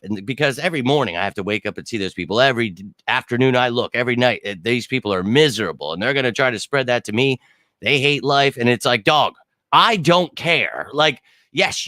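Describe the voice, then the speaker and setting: A man's voice: mid-range voice, fairly bright tone, no echo. Young man, rambling casual livestream talk, dry close mic. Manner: rambling, blunt, swears casually. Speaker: sports channel host.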